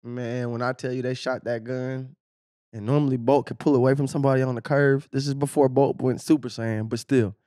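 A man on a podcast telling a lively story, laughing often and acting out what others said. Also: mid-range voice, a little fast, dry recording, studio quality. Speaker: podcast co-host, former sprinter. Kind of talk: casual storytelling chat.

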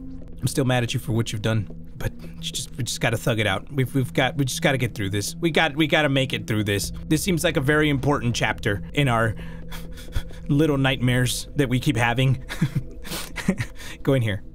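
A young man from Mexico with a Mexican accent, commentating a horror game, coaching himself in hushed tones, then yelping and swearing, switching into Spanish. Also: mid-range voice, moderate pace, music in the background. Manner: jumpy, swings from hushed self-coaching to loud yelps, profane, switches into Spanish. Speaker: gaming YouTuber. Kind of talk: let's play commentary.

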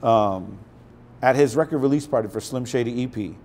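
A man guesting on an interview, telling casual stories with a profane, animated delivery that slips into acted quotes. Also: medium pitch, normal speed. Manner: profane, animated storyteller who acts out quotes.

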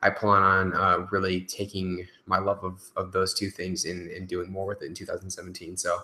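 A young man answers viewer questions on a live stream in loose, casual talk, peppered with fillers and swearing. His voice sits low but comes across forceful and bright. The sound bounces around a roomy space. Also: monotone, normal speed. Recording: echoey room.

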